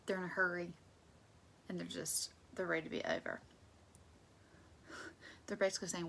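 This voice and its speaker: A woman leading a casual Bible study, conversational and emphatic, sometimes dropping into soft asides. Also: on the low side, level tone, moderate pace, creaky.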